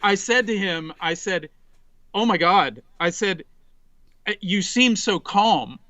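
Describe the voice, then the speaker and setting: A man in his forties tells a story on a casual podcast, his voice pitched high and bright. He rambles animatedly and restarts often. The sound is dry and close, with no room around it. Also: expressive, takes it slowly, dry recording, dull audio. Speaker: podcast guest.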